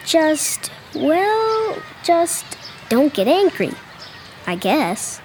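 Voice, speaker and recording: A high, sulky young girl in a family audio drama. Her pitch leaps up and down as she pouts and whines. Faint background hiss sits under her lines. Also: very animated, very slow, exaggerated voice. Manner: pouty, whiny child voice.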